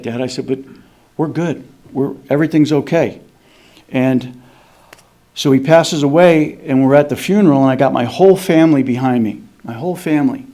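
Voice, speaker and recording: A middle-aged man speaking at a recovery meeting, telling a personal story in a halting way, with many restarts and slowdowns for emphasis. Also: medium pitch, dark tone. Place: meeting hall.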